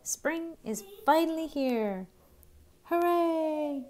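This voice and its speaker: A woman doing a squeaky little excited mouse. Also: slow. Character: tiny excited mouse, cheerful and eager.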